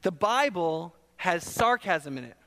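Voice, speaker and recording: A man preaching in a church hall, his high voice carrying a long reverb around the room. He preaches in an easygoing, conversational way, often stopping to ask the congregation whether they follow. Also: measured pace. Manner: conversational, animated, asks the audience questions. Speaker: pastor. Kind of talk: sermon.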